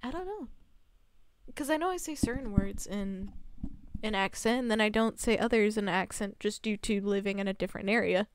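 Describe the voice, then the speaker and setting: A woman's voice: medium pitch, fairly quick, clear, resonant tone. A young woman streamer with a subtle Southern US accent, chatting casually and rambling, laughing often. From Southern United States. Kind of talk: casual livestream chat with chat readers.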